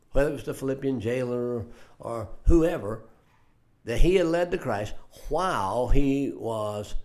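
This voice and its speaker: An older man with a gravelly, darkish mid-range voice gives radio Bible teaching. He preaches earnestly from scripture, often repeating words as he begins a phrase.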